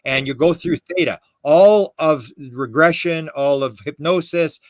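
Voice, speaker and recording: A man's voice: fairly high pitch, unhurried, no room sound. A man talking as a podcast guest, telling stories in an emphatic, rambling way with quoted dialogue and restarts. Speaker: podcast guest, UFO historian. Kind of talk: animated conversational storytelling.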